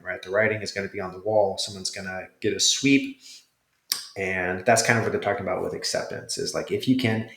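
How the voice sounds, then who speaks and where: A man in his thirties casually reviewing a jiu jitsu course as an instructor, talking it through in a loose, conversational way with fillers. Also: fairly low pitch. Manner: conversational, thinking aloud with fillers. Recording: roomy echo.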